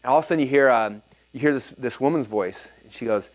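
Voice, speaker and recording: This filmed workshop talk features a fast-talking man with a mid-range voice. Leading the live seminar, he spins stories with energy and animation and regularly checks in with his audience.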